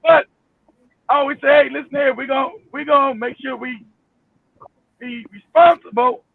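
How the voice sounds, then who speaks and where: A man telling his story in a heated talk-show discussion, animated, emphatic and swearing freely. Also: very high-pitched, unhurried, gravelly, no echo. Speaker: panel guest. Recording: tinny phone line.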